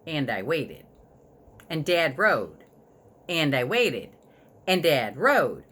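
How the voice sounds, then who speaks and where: A woman reading a children's storybook aloud to a child, with an expressive, storytelling delivery. Her voice is on the lower side and swings up and down a lot. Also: slow pace, slightly rough. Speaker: reader.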